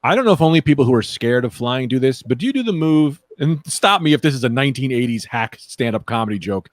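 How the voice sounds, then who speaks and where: A man's voice: mid-range voice, fast, no echo. A man talking in a casual comedy podcast, riffing with edgy jokes. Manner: lively, joking, edgy riffing. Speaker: podcast guest.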